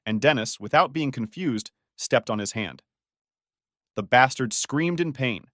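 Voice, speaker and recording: Animated male story narrator. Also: medium pitch, measured pace, no room sound, studio quality. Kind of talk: scripted story recap narration.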